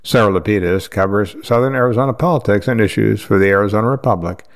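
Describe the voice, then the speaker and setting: A man reading news articles aloud in a steady, measured way, with the odd slip. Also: fairly low pitch. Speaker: news reader.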